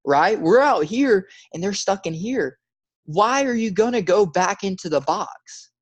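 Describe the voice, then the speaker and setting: A man giving an emphatic motivational talk, urging listeners in a repetitive, preacher-like way and dropping to a hush when he tells a story. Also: on the high side. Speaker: motivational speaker.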